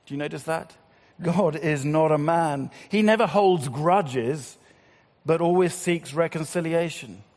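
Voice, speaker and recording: A man preaching a sermon, swinging between loud appeals and hushed, slow passages. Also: fairly high pitch. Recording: long hall reverb.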